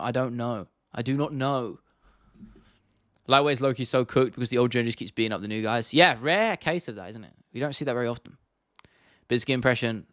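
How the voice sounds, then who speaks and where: Young male streamer, mid-pitched, easygoing and sweary, dry close mic. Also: a bit bright, no room sound. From United Kingdom. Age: 20s. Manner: laid-back, sweary, laughs often. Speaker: livestream host. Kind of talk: casual livestream Q&A.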